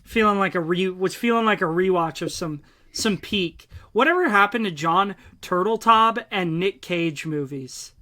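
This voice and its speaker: A man's voice: sits high, moderate pace, sharp tone. A young man, co-hosting a podcast in blunt, profane, enthusiastic casual chat. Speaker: podcast co-host.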